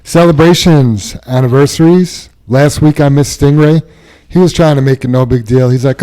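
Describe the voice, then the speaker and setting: A man's voice: medium pitch, normal speed, dark tone, rough recording. A man hosting a casual company podcast, upbeat as he reads out staff news and anniversaries. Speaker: podcast host.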